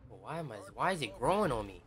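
A man giving casual gameplay commentary as a gaming YouTuber, slangy and profane, often shouting at the game. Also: medium pitch, sing-song, fast talker.

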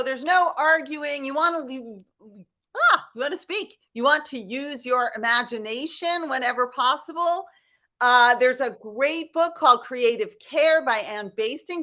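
A woman's voice: high-pitched, unhurried, pushed and bright. A woman comedian and caregiver sharing tips in a chatty, loose way on a video call. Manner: chatty, loose, with fillers and asides. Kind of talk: casual talk with caregiving tips.

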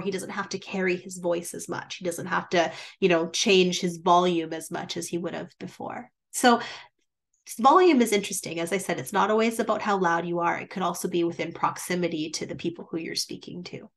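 A woman teaching presentation skills in a webinar, shifting her volume and pace for emphasis, with frequent "um" fillers. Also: medium pitch. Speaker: business presentation instructor.

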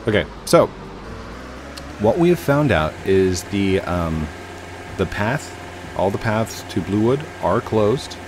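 This gaming channel host has a lowish, animated voice and speaks slowly, rambling chattily through his gameplay while humming and self-correcting. Background noise and game music sit under his talk.

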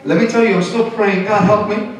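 High-voiced pastor in an echoey church. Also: male voice. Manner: animated, switches into Spanish, acts out quotes. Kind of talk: sermon. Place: church sanctuary. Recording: very echoey hall, distant mic.

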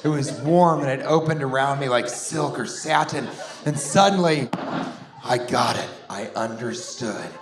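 A man in his forties doing a rambling, sarcastic stand-up set, sometimes bursting into shouted put-on voices. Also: mid-range voice, unhurried, background noise. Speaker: stand-up comedian. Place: comedy club stage before a laughing audience. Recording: roomy live club sound with crowd.

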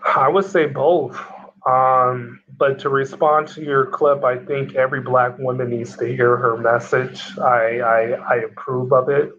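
A man who is a guest on a casual podcast chat, giving his opinions in a measured, matter-of-fact way. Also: medium pitch, fairly even intonation, fairly bright tone, highs cut off, slight background noise.

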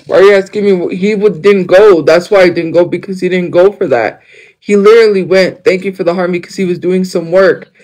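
A man's voice: high voice, brisk, darkish tone, low-quality recording. A young man chatting casually on a livestream. He rambles, jumps between topics and fills his talk with fillers.

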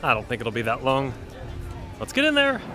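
A man's voice: mid-range voice, huge pitch swings, fairly quick, bright, forceful tone, soft background music, some chatter behind. A man vlogging his day outdoors at a theme park, upbeat and enthusiastic as he talks to viewers. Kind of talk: casual vlog narration.

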